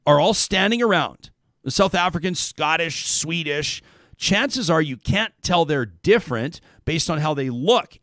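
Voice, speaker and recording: A man's voice: a little high, a bit bright, no room sound, clean studio sound. A man from Canada hosting a casual talk show, reading listener comments aloud with a joking, chatty manner.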